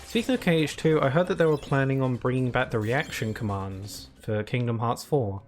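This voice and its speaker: A young man talks through his game session in a loose, rambling way, circling back and restarting his thoughts as he goes. His voice sits at an ordinary middle pitch. Faint game music plays softly behind him. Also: a little fast. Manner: rambling, restarts sentences, chuckles often. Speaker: streamer. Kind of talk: casual gameplay commentary.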